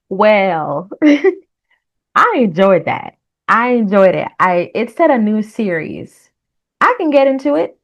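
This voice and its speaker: A woman's voice: mid-range voice, creaky, dull audio. A woman hosting a reaction video, chatting casually with laughs and rambling asides. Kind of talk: casual chat.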